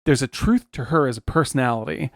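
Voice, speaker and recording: A man co-hosting a film podcast, thinking out loud with frequent fillers and restarts. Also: medium pitch, lively intonation, quick pace, gravelly, dry recording, studio quality. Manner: searching for words, many restarts and fillers. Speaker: podcast co-host. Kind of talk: casual film discussion.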